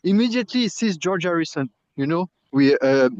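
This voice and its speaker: A man's voice: fairly high pitch, lively intonation, a little fast, dry recording. A man, a monk who distributes books, telling jokey stories in a casual chat and laughing along. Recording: dull lo-fi sound.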